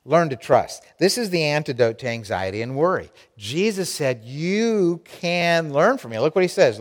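A man's voice: medium pitch, big-room sound. A man preaching a sermon to his congregation, emphatic and direct, repeating key lines for effect. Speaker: pastor.

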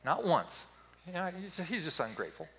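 A man in his fifties preaching a sermon as pastor, telling stories in an animated, playful way. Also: on the high side, normal speed, heavy background noise.

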